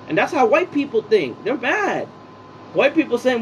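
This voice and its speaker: A man's voice: very high voice, very animated, normal speed, a little hiss or hum, rough recording. A man from Puerto Rico giving a heated, profane opinion rant in his vlog, repeating himself as he argues. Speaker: political vlogger.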